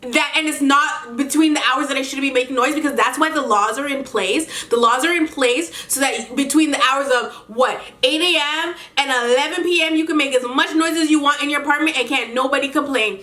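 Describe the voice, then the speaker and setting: A woman vlogger telling a story in an animated, indignant way, often breaking into laughter. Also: high-pitched, a little fast, hardly any pauses. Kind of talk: storytime vlog. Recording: echoey room.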